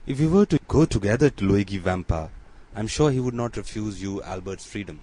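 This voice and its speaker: A man reading an earnest young gentleman. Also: fairly low pitch, animated, a little fast, poor audio.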